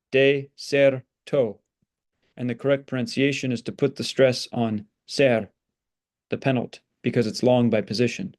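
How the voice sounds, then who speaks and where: A man of middle pitch teaching a Latin lesson. He reads example sentences, translates them and breaks words into syllables in a patient, explanatory way. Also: a little mellow.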